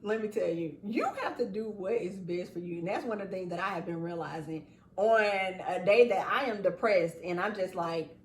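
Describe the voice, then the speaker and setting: A woman's voice: fairly low pitch, moderate pace, slight background noise. A woman host, chatting casually and animatedly, often laughing and acting out what others say. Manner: animated, laughing, acts out quotes. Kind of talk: casual chat. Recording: echoey room, far from mic.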